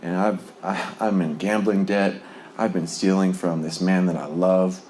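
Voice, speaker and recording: A man's voice: sits low, flat delivery, measured pace, a little mellow, a little hiss or hum. A man sharing a personal recovery testimony in a conversational, rambling way, full of fillers and small laughs. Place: Lubbock, Texas.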